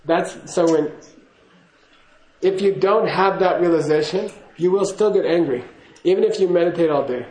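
A man's voice: high voice, moderate pace, darkish tone, roomy sound, rough recording. A man giving a casual spoken teaching to a class, chatty and laughing, often checking in with "okay?". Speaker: Buddhist teacher.

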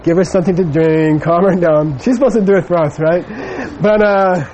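Middle-aged male dharma teacher, slightly high voice, loose anecdotal telling, faint hiss behind. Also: moderate pace, mellow, lo-fi sound. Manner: rambling, many fillers, storytelling. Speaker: Buddhist teacher. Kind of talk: dharma talk with personal anecdote.

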